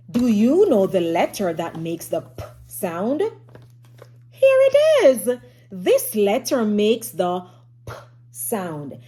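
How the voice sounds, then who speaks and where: A woman's voice: medium pitch, dark tone. A woman teaching a phonics lesson to young children, encouraging and sing-song, who sometimes drops to a whisper to build suspense.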